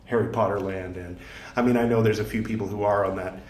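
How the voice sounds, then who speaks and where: A man's voice: lowish voice, fairly even intonation, quick pace, a little mellow, roomy sound. A man hosting a podcast in a casual, digressive way, full of fillers, restarts and self-deprecating asides. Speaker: podcast host. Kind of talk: casual rambling podcast talk.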